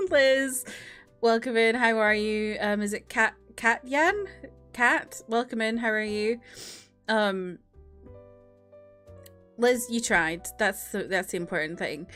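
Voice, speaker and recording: A woman's voice: a little high, slow pace, pauses often, a bit bright, faint music behind. A woman streamer chatting casually with her viewers, greeting them by name between giggles and filler words. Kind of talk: casual live-stream chat.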